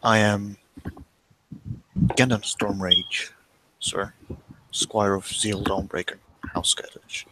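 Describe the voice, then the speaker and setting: A man's voice: on the low side, level tone, slow, long pauses, background noise. A man voicing a blind young male satyr squire who speaks solemnly and formally.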